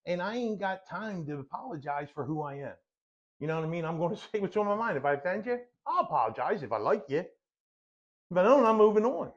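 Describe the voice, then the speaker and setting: Man, middle-aged, podcast co-host, blunt wisecracks, lively pitch, dull lo-fi recording. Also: quick pace. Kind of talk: casual chat. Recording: dull, lo-fi sound.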